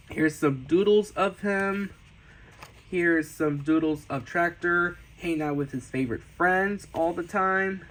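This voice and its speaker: Man, slow delivery, eager sketchbook tour, repeats himself, bursts of excited squeals. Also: fairly high pitch, slight background noise, low-quality recording. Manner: enthusiastic, repeats words and restarts, sudden excited squeals. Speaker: artist showing his sketchbooks. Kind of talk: casual sketchbook tour narration.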